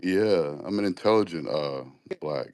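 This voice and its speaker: A man from Detroit calling in to a debate show, calm and measured as he argues his point. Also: low voice. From Detroit, USA. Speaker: caller. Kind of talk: call-in debate.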